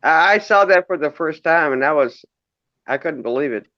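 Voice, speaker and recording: A man's voice: fairly high pitch, animated, normal speed, sharp tone, dry recording, highs cut off. A man in casual chat, reacting with incredulous, swearing exclamations.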